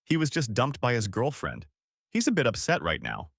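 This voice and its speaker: Animated male story narrator. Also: mid-range voice, normal speed, gravelly, husky, no echo, clean studio sound. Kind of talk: scripted story recap narration.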